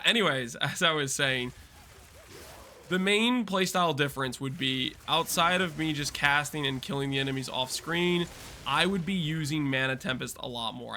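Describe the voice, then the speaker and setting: A man's voice: mid-range voice, pushed and bright, a little hiss or hum. A man casually talking through a game build guide while playing, chatty and explanatory, with loose restarts. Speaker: gaming content creator.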